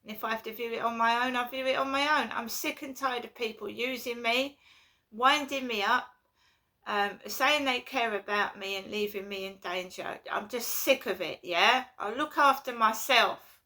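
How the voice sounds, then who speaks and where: A woman's voice: fairly high pitch, moderate pace, pushed and bright. A woman, ranting and swearing in a home vlog, repeating herself as she gets worked up. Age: 50s. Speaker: vlogger. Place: at home indoors.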